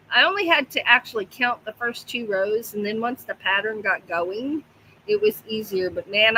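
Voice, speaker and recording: Chatty woman host, bright voice, unhurried delivery, home livestream, light room noise. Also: fairly high pitch, poor audio. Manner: chatty, talks to her pets and reads viewer comments. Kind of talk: casual livestream chat.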